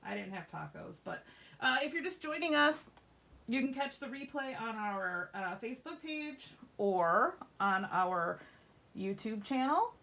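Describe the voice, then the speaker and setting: A middle-aged woman leading a live stamping class in a craft store, talking in a chatty, reassuring way. Her voice sits a little high, with a gravelly fry running through it. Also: sing-song, a little slow, a bit bright. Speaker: craft workshop host.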